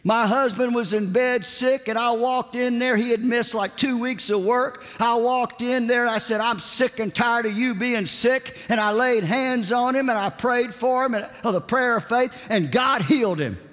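A man, a preacher, voicing a middle-aged woman churchgoer who rushes through her excited testimony. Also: extremely high pitch, big-room sound, pitched above the performer's own voice.

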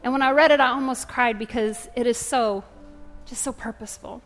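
High-voiced woman preaching in a hall. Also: a little fast. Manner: impassioned, repetitive rhetorical questions. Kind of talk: sermon. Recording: reverberant hall with faint music. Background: faint music.

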